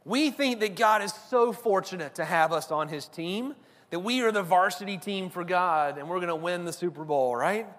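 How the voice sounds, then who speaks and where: A man's voice: high-pitched, normal speed, fairly bright tone. Man preaching in a reverberant hall. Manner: conversational preaching, tag questions. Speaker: pastor. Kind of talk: sermon.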